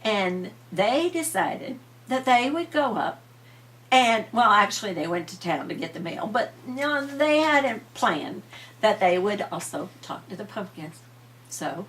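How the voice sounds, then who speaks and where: Slow, creaky-voiced grandma storyteller. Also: female voice, medium pitch, sing-song. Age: older. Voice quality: old, creaky voice. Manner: gentle, unhurried, chatty asides. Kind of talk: bedtime storytelling.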